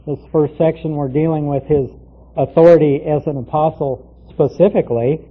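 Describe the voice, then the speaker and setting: A man's voice: a little high, fairly even intonation. Tinny-sounding man teaching scripture. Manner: measured, explanatory, with frequent "uh" pauses. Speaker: Bible teacher. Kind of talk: verse-by-verse Bible teaching.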